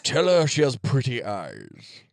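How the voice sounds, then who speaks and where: A man's voice: medium pitch, wildly swooping pitch, measured pace, creaky, no room sound, studio quality, full character voice. A man voicing a fussy, snooty little alien creature who talks in a prissy, disdainful, slightly slurred way.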